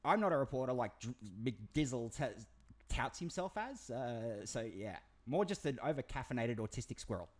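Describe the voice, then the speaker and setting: A man's voice: mid-range voice, moderate pace. Aussie guy hosting a commentary chat, voice bounces all over, rambly and sweary, pretty hyped. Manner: excitable, rambling, swears freely. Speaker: commentary channel host.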